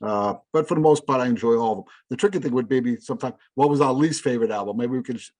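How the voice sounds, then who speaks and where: Middle-aged guy on a chat podcast, rambly, keeps restarting, average pitch. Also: fast talker, a little mellow. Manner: rambling, self-correcting, enthusiastic. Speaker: podcast co-host. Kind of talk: casual chat about music.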